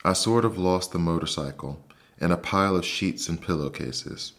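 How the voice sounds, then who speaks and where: A man with a low voice playing a young boy mouse who speaks hesitantly in a bedtime storybook reading. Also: moderate pace, fairly bright tone. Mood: ashamed.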